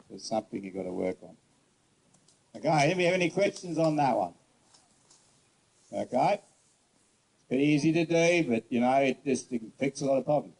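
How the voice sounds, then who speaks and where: A man horse trainer giving a casual outdoor demonstration, telling stories bluntly and coaxing a horse softly. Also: medium pitch, expressive, moderate pace, creaky, long pauses, slightly rough, poor audio. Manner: casual, rambling, blunt storyteller; soft coaxing talk to the horse. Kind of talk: demonstration lesson with storytelling.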